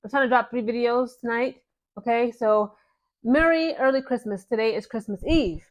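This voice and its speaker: A woman's voice: fairly high pitch, moderate pace. A woman hosting her own channel, giving casual, chatty commentary to the camera and often checking in with her viewers. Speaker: channel host.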